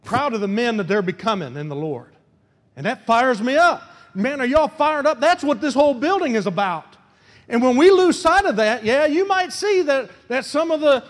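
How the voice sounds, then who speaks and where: A man's voice: very high voice, long reverb tail. A man preaching a sermon as pastor. He talks fervently and repeats himself, with colloquial asides.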